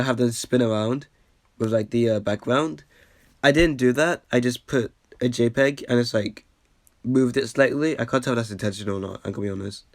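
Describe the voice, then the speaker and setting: A man's voice: mid-range voice, dry recording, clean studio sound. Slightly sick man rambling through commentary. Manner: rambling, lots of fillers and restarts, self-deprecating. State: a bit sick. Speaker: YouTuber reacting to his old video. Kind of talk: casual commentary.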